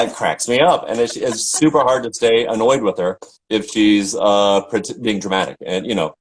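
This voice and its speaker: A man's voice: on the low side, moderate pace, hardly any pauses, rough recording. A middle-aged man from Tennessee, an opera singer chatting casually and telling stories with lots of fillers and restarts. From Tennessee, USA. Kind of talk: casual chat.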